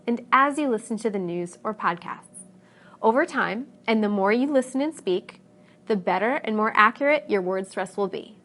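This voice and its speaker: A woman with a North American accent narrating a scripted pronunciation lesson, saying each example word slowly and with clear stress. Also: mid-range voice, fairly bright tone. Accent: North American English. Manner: slow, careful, stresses example words. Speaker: English pronunciation teacher.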